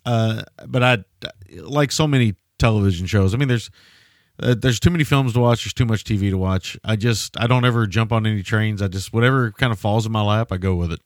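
A man co-hosting a podcast, talking in a laid-back, measured way. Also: lowish voice, dry recording, studio quality. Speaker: podcast co-host. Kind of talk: casual chat.

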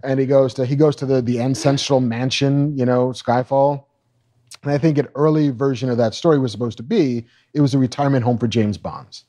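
Guy co-hosting a live podcast, mid pitch, rambly and swears a lot, jokey. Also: fairly even intonation, fairly quick, warm tone. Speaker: podcast co-host. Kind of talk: casual chat. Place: bar set of a live show.

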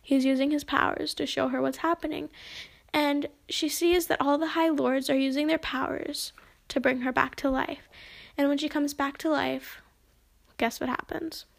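Brief: young woman, high voice, gravelly fry, chatty plot recap. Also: steady tone, normal speed. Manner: chatty retelling, acts out quoted lines. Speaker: book discussion host.

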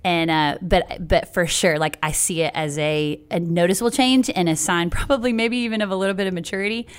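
Bubbly woman, smooth low voice. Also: fairly quick. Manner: bubbly, giggly, self-deprecating, lots of "like". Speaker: podcast guest. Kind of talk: casual interview chat.

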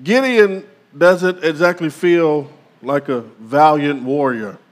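A male pastor preaching a sermon, calling out to the congregation with dramatic pauses. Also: a little high, big-room sound.

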